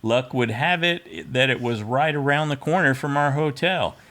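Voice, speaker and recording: A man hosting a fan podcast, reading listener feedback aloud in a measured, friendly way. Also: medium pitch, fairly bright tone. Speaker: podcast host.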